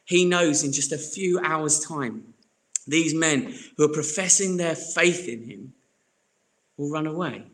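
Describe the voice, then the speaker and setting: Earnest preacher with a forceful, bright voice. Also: male voice, a little high, measured pace. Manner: earnest, swings between soft reflection and emphatic bursts. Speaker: pastor. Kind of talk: sermon.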